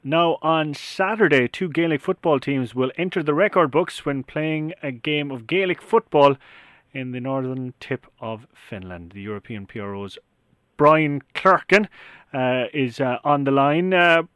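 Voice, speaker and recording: A man's voice: fairly high pitch, expressive, a little slow, a bit bright, dry recording. An Irish man hosting a sports podcast, friendly and a little hesitant, with frequent fillers. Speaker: podcast host.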